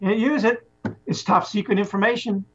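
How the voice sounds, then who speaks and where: A man casually retelling a story plot in a rambling, animated way, often restarting his sentences. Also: high-pitched, moderate pace, husky. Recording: muffled lo-fi recording.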